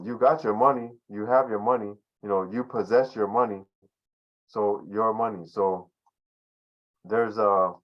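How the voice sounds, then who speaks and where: Male teacher, lowish voice, easygoing and rambling over a dull lo-fi video call. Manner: loose and conversational, many fillers and restarts. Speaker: language teacher. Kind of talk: casual online class teaching.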